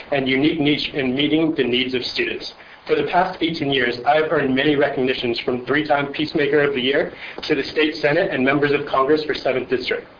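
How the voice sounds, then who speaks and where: Man at the podium racing through a letter; muffled meeting-room audio with faint hiss. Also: mid-range voice. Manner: brisk, steady read-aloud delivery. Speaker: charter school staff reading a supporter's letter. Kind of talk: reading a letter aloud at public comment. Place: public board meeting room.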